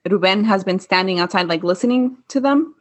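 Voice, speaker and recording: A woman's voice: mid-range voice, lively intonation, fairly quick. A woman casually chatting and recapping episode scenes, swearing freely and mimicking characters. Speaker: podcast co-host recapping a telenovela. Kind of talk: casual chat.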